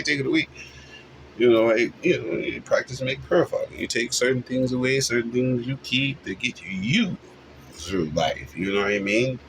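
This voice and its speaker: Low-voiced man musing with sudden swings. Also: a little hiss or hum, low-quality recording. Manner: musing, preachy, asks rhetorical questions; sudden jumps between low mumbles and high loud bursts. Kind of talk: rambling spiritual monologue.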